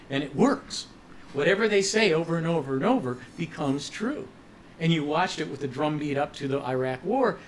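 A man's voice: on the high side, a little hiss or hum, low-quality recording. A man guest on a radio interview, ranting with passion and cynicism about politics. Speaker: musician guest.

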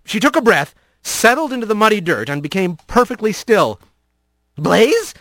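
A man's voice: sits high, very animated, fairly quick, fairly bright tone, no room sound. A man narrating a scripted storybook adventure with a vivid, varied reading.

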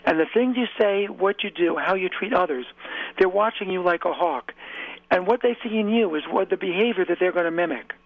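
A man with a high, brisk, creaky voice appears as an author and guest in a motivational interview, speaking earnestly and repeating phrases for emphasis. The audio comes over a tinny, dry phone line.

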